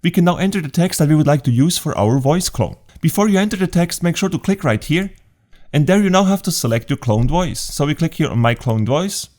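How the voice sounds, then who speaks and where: A man's voice: a little high, lively intonation, brisk, a little mellow. German-accented man walking through a tutorial. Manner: clear, methodical instructions with light humor. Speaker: software tutorial host. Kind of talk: step-by-step screen tutorial narration.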